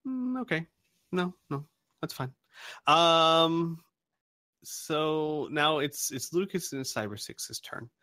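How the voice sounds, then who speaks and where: A man running a tabletop game as game master, describing scenes deliberately and pausing to think. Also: on the high side, lively intonation, bright, forceful tone, no room sound, studio quality.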